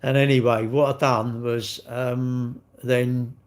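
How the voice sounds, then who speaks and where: A man's voice: medium pitch, flat delivery, slow. A man, chatting casually on a live stream and telling rambling, sweary stories while answering viewers. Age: 60s.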